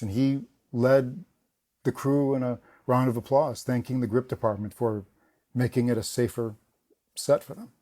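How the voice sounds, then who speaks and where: A man, a guest on a podcast, telling behind-the-scenes anecdotes in a casual, animated way, often laughing and restarting his sentences. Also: mid-range voice, normal speed. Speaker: guest, former film production assistant. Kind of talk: casual interview storytelling.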